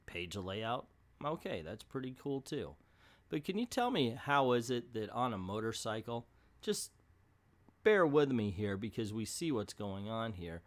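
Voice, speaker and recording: Rambling, exasperated middle-aged man. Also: fairly low pitch. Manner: rambling, hesitant, exasperated, with playful jokes. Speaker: comic book reviewer, channel host. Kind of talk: casual video review monologue.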